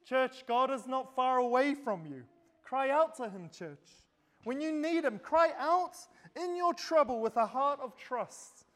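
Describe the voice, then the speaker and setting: A man's voice: extremely high pitch, animated, unhurried, a bit bright. A man preaching a sermon, speaking straight to the congregation and posing rhetorical questions. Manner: addresses listeners directly with rhetorical questions. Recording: long hall reverb.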